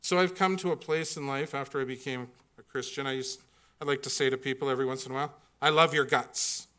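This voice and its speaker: A man's voice: medium pitch, steady tone, fast talker, a bit bright, clean tone. A middle-aged man preaching a sermon, earnest and building to emphatic peaks when he reads scripture. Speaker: pastor.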